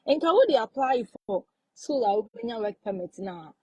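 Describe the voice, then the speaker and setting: Woman, live-stream host, warm mellow tone, slightly husky, chatty, repeats herself for emphasis, dry close sound. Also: a little high, lively intonation, moderate pace, dry recording, highs cut off. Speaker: live-stream host giving study-abroad advice. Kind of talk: casual live-stream chat.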